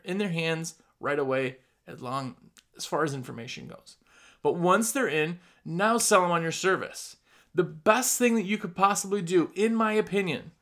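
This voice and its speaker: A man from Wisconsin with a Midwestern accent coaches other business owners in a casual, plain-spoken way. His voice sits fairly high for a man. He leans hard on key words and briefly acts out customers as he explains. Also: fairly bright tone. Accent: Midwestern American. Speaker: window cleaning business owner giving advice.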